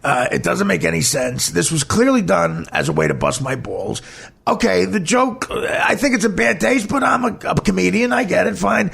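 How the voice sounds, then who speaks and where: A podcast host with a high, husky voice and a heavy gravelly fry tells a personal story. His pitch swings widely as he rambles bluntly and swears freely. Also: expressive, normal speed, fairly bright tone.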